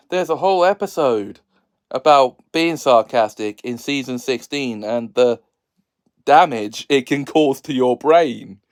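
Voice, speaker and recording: A man hosting a casual solo video, jokey and sarcastic, laughing often between lines. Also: mid-range voice. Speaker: video host.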